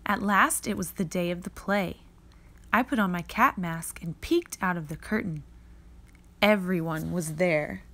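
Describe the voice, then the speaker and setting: A woman reading a children's picture book aloud in a slow, expressive read-aloud manner. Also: fairly low pitch. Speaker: reader.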